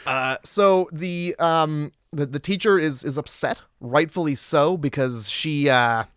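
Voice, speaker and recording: A man co-hosting a horror movie podcast in loose, joking banter. His voice sits a touch higher than most men's and comes across dry and close, with no room sound. He keeps up a sarcastic, wisecracking stream and swears freely. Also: unhurried, a bit bright, clean tone, dry recording. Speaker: podcast co-host. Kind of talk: casual movie-review banter.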